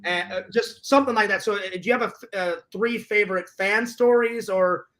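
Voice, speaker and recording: A woman's voice: mid-range voice, brisk, fairly bright tone. A woman hosting a casual podcast interview, asking long rambling questions with restarts.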